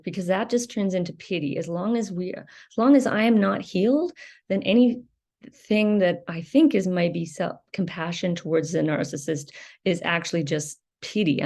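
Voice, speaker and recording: A woman's voice: on the low side, a little mellow. Candid hesitant woman talking through trauma. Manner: candid, hesitant, many ums, swears when angry. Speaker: video host sharing recovery experience. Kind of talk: reflective personal monologue.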